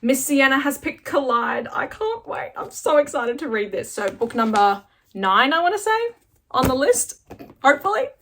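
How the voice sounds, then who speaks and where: A woman's voice: high voice, big pitch swings, moderate pace, fairly bright tone, slight background noise. Australian woman, casual book vlog host, chatty and effusive. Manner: bubbly and gushing, chatty with many likes. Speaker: book vlogger. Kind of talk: casual chat to camera.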